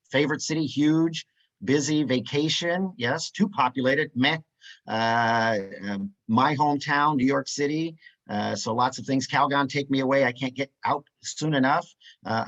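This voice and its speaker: A man's voice: mid-range voice, fairly bright tone. Upbeat man hosting a webinar over muffled audio. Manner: upbeat, many "uh" fillers, reads out chat replies. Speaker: webinar presenter. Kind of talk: live webinar facilitation.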